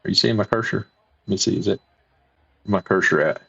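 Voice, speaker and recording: Speaking fairly quickly in a fairly low, gravelly voice that's bright, forceful and slightly rough, a man hosts a casual livestream. He reads viewer comments in a rambling, folksy, repetitive manner, captured in dull lo-fi stream audio.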